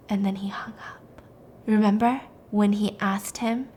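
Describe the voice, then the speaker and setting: A woman casually retelling a crime story, animated, swearing freely and acting out every character. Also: mid-range voice, unhurried, slight background noise.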